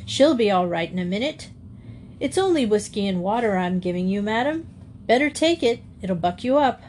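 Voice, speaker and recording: Woman doing a brisk, rough-spoken kindly man. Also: medium pitch, animated, darkish tone, a little hiss or hum, lightly acted. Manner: rough, brisk, matter-of-fact.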